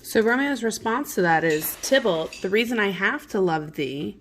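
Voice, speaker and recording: A woman's voice: medium pitch, animated, moderate pace, slight background noise. A woman teacher reading a play aloud to a class and explaining the lines in plain modern words, chatty and full of okays. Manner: chatty, many fillers and okays. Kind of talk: casual read-along lesson.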